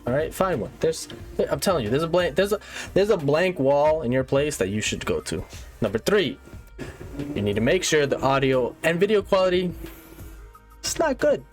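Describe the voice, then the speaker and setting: A man hosting a satirical tutorial monologue, mock-serious and lively, checking in with "all right?" again and again. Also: fairly high pitch, normal speed, soft background music. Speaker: comedic YouTuber host.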